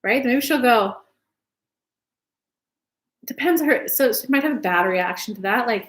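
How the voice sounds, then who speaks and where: A woman's voice: on the high side, lively intonation, moderate pace, pauses often. A woman giving casual spiritual relationship advice, chatty and loose, cursing now and then and acting out little dialogues. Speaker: spiritual advice channel host.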